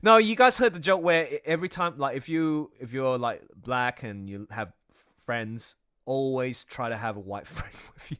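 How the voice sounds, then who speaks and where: Excitable male streamer, bright tense voice, laughs a lot, breaks off mid-thought. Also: medium pitch, normal speed, clean tone. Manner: excitable, laughs often, trails off mid-sentence. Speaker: streamer and artist. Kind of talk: casual livestream chat.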